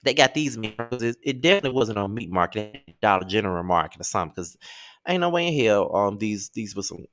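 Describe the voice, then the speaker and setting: A man's voice: fairly low pitch, expressive, a little fast, a bit bright, a little hiss or hum. A man giving a casual recap of a reality TV episode, blunt and profane, with exasperated outbursts. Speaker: TV recap host.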